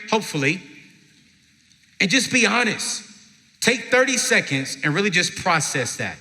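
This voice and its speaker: A man giving a live inspirational talk to an audience at a parenting event, telling stories emphatically with slow, dramatic pauses. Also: high voice, big pitch swings, pushed and bright. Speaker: motivational speaker at a parenting event. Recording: long hall reverb from a live venue.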